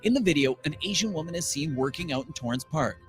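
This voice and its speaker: Even male narrator reading a script, faint music behind. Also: a little high, fast talker.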